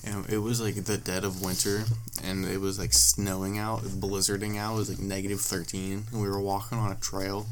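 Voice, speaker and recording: A man's voice: low-pitched, little pitch movement, normal speed, few pauses, slight background noise, rough recording. A young man hosting a casual podcast, telling rambling stories and swearing a lot. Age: young adult. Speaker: podcast host.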